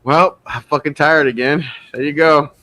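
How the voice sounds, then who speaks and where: A man's voice: on the high side, fairly even intonation, normal speed, pushed and bright. A man chatting casually as a podcast co-host, blunt and laid-back, swearing freely. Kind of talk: casual chat.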